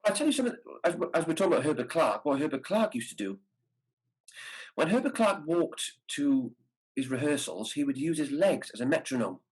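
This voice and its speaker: Brass teacher, male, slightly husky tone; patient, demonstrative masterclass delivery over a video call. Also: on the high side, sing-song, brisk, darkish tone, rough recording. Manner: demonstrates articulation syllables aloud. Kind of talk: masterclass instruction.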